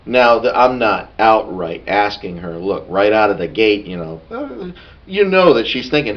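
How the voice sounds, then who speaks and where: A man with a fairly low voice talks through a tabletop game session, rambling and breaking into asides as he goes. The sound is dull and lo-fi, like an older home podcast recording. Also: lively intonation, normal speed. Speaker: podcast co-host. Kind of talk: casual recap of a tabletop game.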